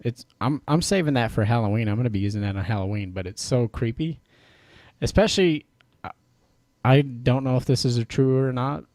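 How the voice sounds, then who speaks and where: A man's voice: mid-range voice, brisk, a little mellow, dry recording. A man in casual podcast chat, laughing often as he tells a story about a creepy toy.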